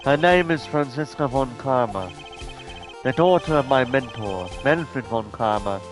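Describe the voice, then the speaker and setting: A man's voice: medium pitch, expressive, unhurried, music in the background, close to an everyday voice, low-quality recording. A man putting on a stiff British prosecutor. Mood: formal. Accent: attempted British. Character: composed male prosecutor, stiff and formal. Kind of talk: fan reading of a game script.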